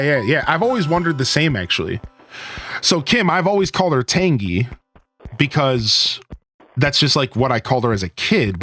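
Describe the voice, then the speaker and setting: A man streaming a video game, chatting casually and joking with his viewers. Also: mid-range voice. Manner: animated, jokey, talks to chat. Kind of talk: casual gaming chat.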